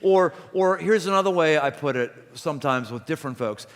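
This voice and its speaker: A man preaching a sermon as pastor, emphatic and building to loud repeated exclamations in a church auditorium. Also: fairly high pitch, expressive, fairly quick, hardly any pauses, in a large hall.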